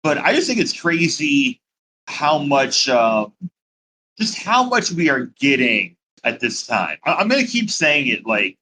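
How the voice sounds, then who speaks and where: A man's voice: a little high, big pitch swings, unhurried, sharp tone, a little hiss or hum, low-quality recording. A man co-hosting a casual podcast, hesitant and enthusiastic, often repeating words. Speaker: podcast co-host. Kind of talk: casual chat.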